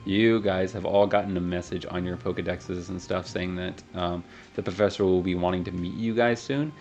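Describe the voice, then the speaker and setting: A man with a very low voice runs a tabletop game, narrating in a loose, halting way full of ums. Faint music plays underneath. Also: creaky, darkish tone. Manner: loose, hesitant, lots of ums. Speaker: game master.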